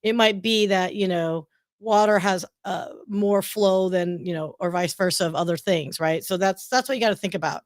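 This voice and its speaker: A woman's voice: medium pitch, normal speed, no echo, clean studio sound. A woman co-hosting a casual livestream, chatty and explanatory with frank asides, talking over a computer mic on a video call. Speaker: livestream co-host.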